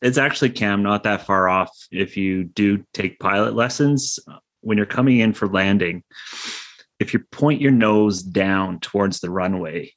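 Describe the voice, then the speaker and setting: A man's voice: fairly low pitch, unhurried, no room sound. A man co-hosting a podcast, talking in a dry, matter-of-fact casual way. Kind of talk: casual chat.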